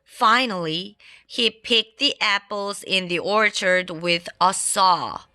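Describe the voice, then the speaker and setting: A woman reading a children's storybook aloud in a playful, expressive way. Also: medium pitch, slow, clean tone. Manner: playful and expressive, adds sound effects. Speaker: storybook reader. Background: faint classical background music.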